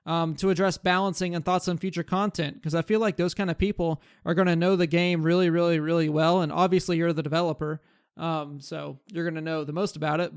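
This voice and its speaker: A gaming content creator rambles casually through some casual gaming commentary, thinking aloud about changes he'd like to see in a game, full of fillers and restarts. His voice is smooth and a little high, recorded with studio quality and no echo.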